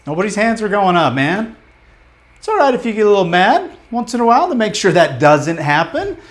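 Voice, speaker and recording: A man coaching a live group in a motivational workshop, talking bluntly and emphatically, with casual swearing and rapid questions to the room. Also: sits high, big pitch swings. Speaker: business coach leading a training.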